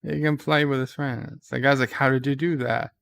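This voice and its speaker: A man giving casual live commentary on a TV episode, loosely recapping scenes and reading viewer chat questions aloud, thinking out loud as he answers. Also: mid-range voice, fairly even intonation, moderate pace, creaky, no room sound. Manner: thinks out loud with fillers and restarts.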